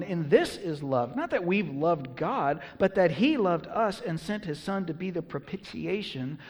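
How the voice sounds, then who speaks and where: Slightly husky and a bit high for a man, this pastor's voice delivers a sermon with earnest emphasis. His words echo with long reverb, as though in a large church hall.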